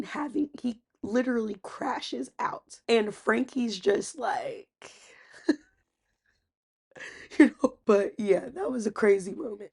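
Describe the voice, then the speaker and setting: A woman casually recapping a reality TV episode, chatty and animated when she quotes people. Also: medium pitch, slightly rough. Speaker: recap host.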